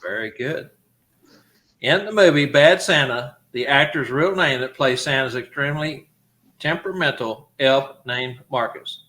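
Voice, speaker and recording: A man's voice: mid-range voice, unhurried, sharp tone. A man hosting a live talk show, putting friendly questions to his guest in casual chat. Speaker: show host.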